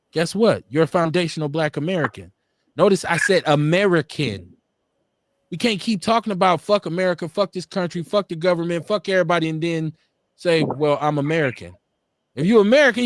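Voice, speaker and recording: A fervent male talk-show host with a slightly raised pitch, his speech punchy, profane and preacherly. He hammers each point through repetition, recorded dry and close with almost no room sound. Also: dry recording. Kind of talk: impassioned political talk-show commentary.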